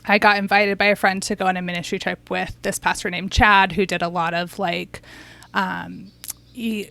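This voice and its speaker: A woman speaking as a podcast guest, recounting her past in a loose, conversational flow. Her voice carries a gravelly edge, and she talks in a chatty way, often restarting sentences. Her pitch sits in a middle range. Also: level tone, normal speed, pushed and bright. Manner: chatty, many fillers and restarts. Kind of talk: casual conversational storytelling.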